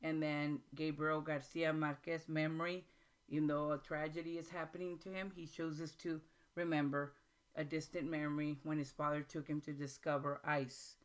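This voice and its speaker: A woman hosting a writing workshop, explaining in an informal, halting way with frequent pauses and restarts, and reading passages aloud slowly. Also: sits low, level tone. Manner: reads excerpts aloud slowly. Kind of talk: informal teaching talk.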